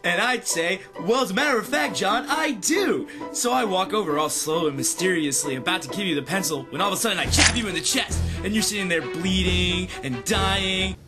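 Young man, mocking comedy skit, high voice, animated delivery, music behind. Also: brisk, few pauses. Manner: mocking and dismissive, lively storytelling. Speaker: comedy sketch performer.

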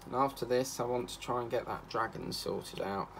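A man's voice: mid-range voice, moderate pace, gravelly, a bit bright, slight background noise. A man chatting casually and rambling from topic to topic while he does a craft project, now and then singing a line or two. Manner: rambling, chatty, breaks into snatches of song. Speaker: craft channel host.

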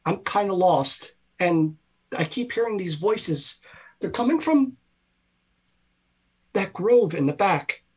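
A man's voice: sits high, animated, slow pace, pauses often, husky, voice pushed up, exaggerated voice. A man voicing a scared young deer, a big animal who stammers nervously in a tabletop game. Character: scared young deer named Will, big but timid.

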